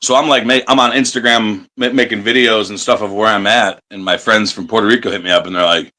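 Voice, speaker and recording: Bright-voiced man telling profane stories. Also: fairly low pitch, fairly even intonation, fast talker, few pauses. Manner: profane, laughing storyteller. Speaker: wrestler guest. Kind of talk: casual storytelling interview.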